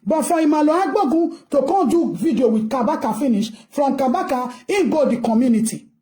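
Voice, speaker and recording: Scolding Nigerian woman, high dark voice. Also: animated, fairly quick. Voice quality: mixes English and Pidgin, scolding and rhetorical. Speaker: commentator. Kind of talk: ranting commentary.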